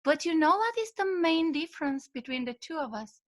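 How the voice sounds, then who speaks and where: A woman voicing a calm, wise old male monk master who speaks quietly and patiently in a spoken story. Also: high voice, a little fast, slight background noise, pitched above the performer's own voice.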